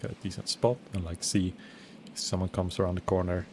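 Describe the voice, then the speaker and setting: Deep voiced guy streaming, chatty, eating while he plays, bit of hiss. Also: level tone, a little fast, darkish tone. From Sweden. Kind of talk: casual gameplay commentary.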